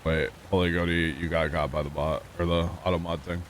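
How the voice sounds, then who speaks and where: A man's voice: low voice, little pitch movement, fairly quick, a little hiss or hum. A man streaming a farming game, chatting casually and joking with his chat. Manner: chatty, jokey, reading chat aloud.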